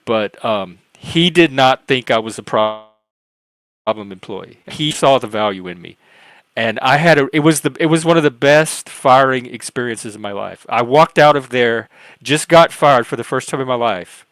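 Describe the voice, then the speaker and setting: On a livestream panel, a man with a medium-pitched, fairly bright voice shares a personal story at a moderate pace with no room sound. He's earnest and rambling, often restarting and correcting himself, and acts out quoted dialogue.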